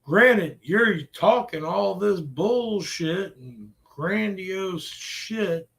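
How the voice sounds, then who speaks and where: Man, gaming channel host, high and gravelly voice, slow profane rants. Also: expressive, fairly bright tone. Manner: profane, exasperated ranting. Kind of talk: ranting gameplay commentary.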